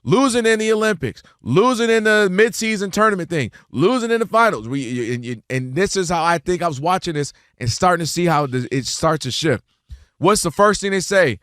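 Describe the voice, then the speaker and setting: Male sports talk host, high lively voice, dry close sound, acts out quotes, repeats himself when fired up. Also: a little fast, dry recording. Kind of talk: animated sports debate.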